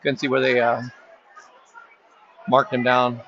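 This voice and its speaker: A man doing casual play-by-play for a high school football game at the stadium, chatty and rambling, with joking asides to friends. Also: monotone, slow pace, creaky, fairly bright tone, a little hiss or hum. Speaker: play-by-play announcer. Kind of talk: casual local sports commentary. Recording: dull lo-fi sound with faint crowd ambience.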